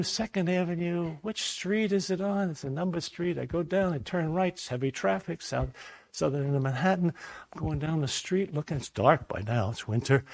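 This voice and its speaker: A man preaching a sermon, telling a personal story in a lively way and acting out the voices in it. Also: a little high, gravelly, no echo. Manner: animated storyteller, acts out voices.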